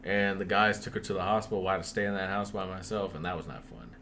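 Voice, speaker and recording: A man's voice: low-pitched, fast talker, vocal fry, fairly bright tone, a little hiss or hum. A young man casually telling a spooky story on a podcast, swearing often and breaking into laughs.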